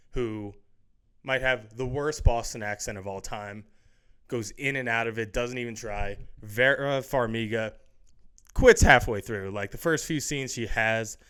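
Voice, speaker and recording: A man's voice: medium pitch, a bit bright, clean tone. A man hosting his own movie review, talking casually and with enthusiasm, rambling through his opinions.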